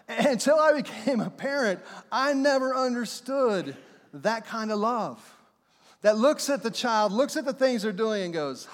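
A middle-aged pastor preaches unhurriedly in a high, expressive voice with a fairly bright tone. He keeps things conversational, slipping into playful acted voices and laughing along. The church sanctuary adds long hall reverb.

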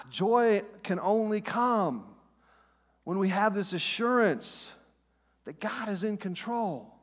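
A middle-aged man, a pastor, preaching a sermon with dramatic pauses and repeated reassurances. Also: high-pitched, lively intonation. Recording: long hall reverb.

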